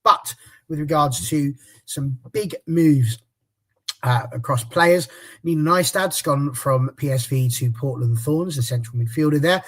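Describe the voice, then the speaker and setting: Hosting a casual podcast panel, a man reads a transfer rundown in a jokey, chatty manner, tripping over the foreign names. His voice is mid-range and a little slow.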